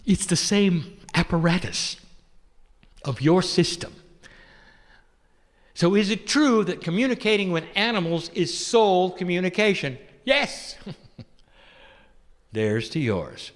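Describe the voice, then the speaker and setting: A man channeling an ancient loving spirit entity that addresses listeners tenderly, asking rhetorical questions and chuckling softly. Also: high voice, very animated, takes it slowly, pauses often, exaggerated voice. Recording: long hall reverb.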